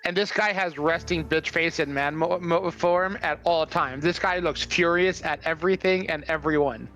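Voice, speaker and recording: A man chatting casually and telling a lively work story, laughing often and acting out what others said. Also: a little high, normal speed, rough recording. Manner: animated, laughs often, acts out quoted voices.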